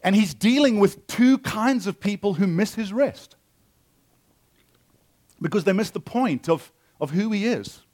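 A man preaching a sermon with a booming voice, reading scripture and then explaining it earnestly and emphatically, often restarting his phrases. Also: a little mellow. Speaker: pastor. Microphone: amplified on a sound system.

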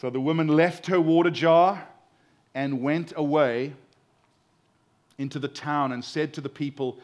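A man with a South African accent preaching a sermon, earnest and expressive, with emphasis that rises and falls. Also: medium pitch, normal speed.

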